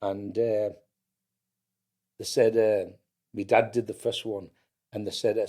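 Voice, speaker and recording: A North East English man in his fifties from County Durham, England, guests on a podcast and shares family stories in a relaxed chat; he runs a family business. His mellow voice sits on the low side, with a measured pace and frequent pauses. He often restarts words, repeating them, and imitates other people when quoting them.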